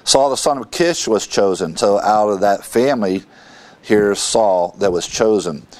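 With a lowish voice, a man teaches a verse-by-verse Bible lesson, reading scripture aloud and explaining it through halting asides and fillers.

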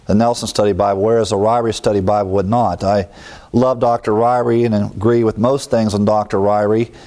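Man teaching scripture with deliberate emphasis. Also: little pitch movement, mellow. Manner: deliberate and explanatory, repeating key words for emphasis; grows more emphatic and higher-pitched when driving a point home. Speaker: Bible teacher. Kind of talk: verse-by-verse Bible teaching.

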